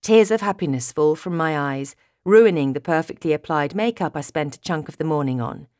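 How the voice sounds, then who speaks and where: Audiobook narrator, woman, low voice with lively swings, dry studio read. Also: normal speed, clean tone, no room sound. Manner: expressive, storytelling. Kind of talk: first-person audiobook narration.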